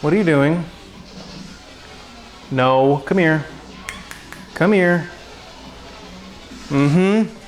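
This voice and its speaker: Man, cooking livestream host, home kitchen, slightly higher voice, casual slangy chat. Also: drawn-out words, pauses often, faint music behind, poor audio. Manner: upbeat, slangy and self-deprecating, chatting to viewers.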